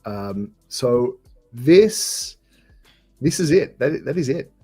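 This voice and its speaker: A man with an Australian accent and a mid-range voice. He chats loosely about building AI voice agents, pausing often and filling the gaps with ums. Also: mid-range voice, soft background music. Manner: relaxed, hesitant, many fillers. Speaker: guest developer. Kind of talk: casual tech chat.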